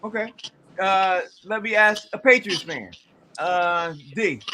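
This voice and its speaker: Bright-voiced male podcast host. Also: high-pitched, slow pace, a little hiss or hum. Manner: easygoing, asks questions, slangy. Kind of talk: casual sports chat.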